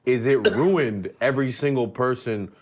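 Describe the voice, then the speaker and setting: A man, a guest comedian, in a casual chat who tells relaxed, wry stories. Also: mid-range voice, moderate pace.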